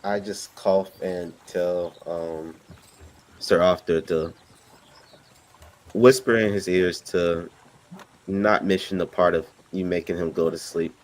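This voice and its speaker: Very deep-voiced male tabletop player. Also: fairly even intonation, slow pace, long pauses, slight background noise. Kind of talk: tabletop game table talk.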